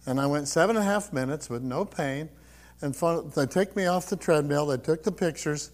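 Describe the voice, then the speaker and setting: A man's voice: on the high side, moderate pace. An older man giving a personal testimony, telling his story with frequent laughs and quoting others as he goes. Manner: storytelling, laughs often, acts out quotes.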